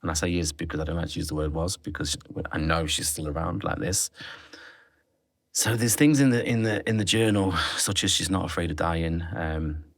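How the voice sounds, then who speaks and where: Low-voiced man, reflective podcast guest. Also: no room sound, clean studio sound. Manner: reflective, halting with restarts. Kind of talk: candid interview conversation.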